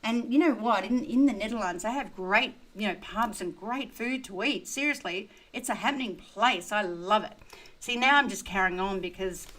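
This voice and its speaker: A woman's voice: mid-range voice, normal speed, a bit bright, low-quality recording. An older woman hosting a casual crypto livestream, blunt and chatty, full of "you know" and "right?", sounding tired. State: tired and thirsty, drinking beer. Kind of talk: casual livestream chat reading viewer questions.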